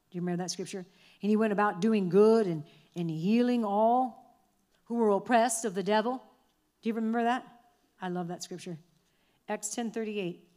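A woman preaching a fervent sermon in a church, repeating lines for the congregation to say back. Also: mid-range voice.

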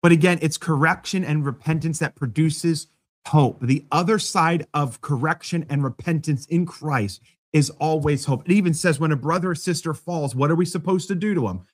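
A man delivers a sermon in the easy, conversational style of a pastor talking to his congregation. His voice sits a little high for a man, and he often slips in gentle humor at his own expense. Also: moderate pace. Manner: conversational preaching with self-deprecating humor.

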